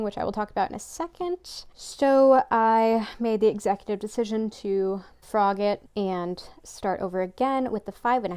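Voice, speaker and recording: A woman vlogger chats about her knitting to a camera at home. She talks quickly and breezily, with frequent laughs and self-mocking asides. Her voice sits in an ordinary middle pitch. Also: darkish tone, clean tone. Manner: fast, chatty, self-deprecating, laughs often. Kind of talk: casual chat to camera.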